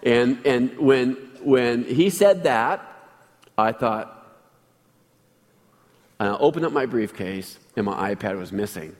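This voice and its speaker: A man's voice: medium pitch, animated, slow pace, long pauses, big-room sound. A man preaching a sermon as pastor, telling a personal story in a chatty way and asking the congregation questions.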